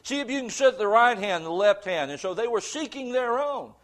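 A man preaching a sermon, reading scripture in old-fashioned wording and swinging from emphatic swells to low, slow passages. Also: expressive, a bit bright.

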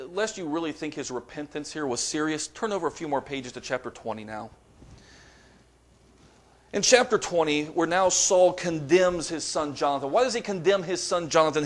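A man delivering a sermon, reading scripture aloud with dramatic emphasis and rising to forceful peaks. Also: a little high. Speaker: preacher.

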